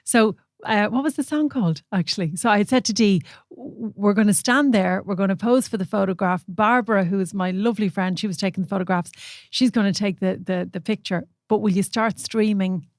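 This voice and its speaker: A middle-aged Irish woman hosting a casual chat, telling a story in a chatty, animated way. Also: medium pitch, fairly quick, few pauses, dry recording, studio quality. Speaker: podcast host.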